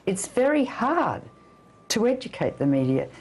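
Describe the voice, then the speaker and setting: A woman's voice: mid-range voice, very animated, unhurried, a little mellow, breathy edge, rough recording. Older woman, emphatic and urgent. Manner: emphatic, urgent, gives blunt warnings. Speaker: physician and anti-nuclear campaigner. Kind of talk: interview guest.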